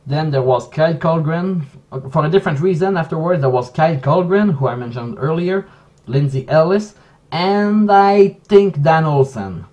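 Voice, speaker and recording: A man who speaks English as a second language, giving a casual commentary vlog in a halting, self-correcting way. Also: on the high side, expressive, a little mellow, dull audio. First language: not English. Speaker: video essayist.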